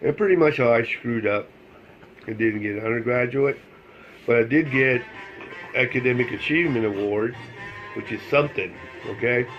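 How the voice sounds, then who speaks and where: A man's voice: mid-range voice, normal speed, pauses often, highs cut off, soft background music. An older man telling a rambling personal story in casual, plain speech, repeating phrases and cursing freely. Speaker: vlogger telling life stories.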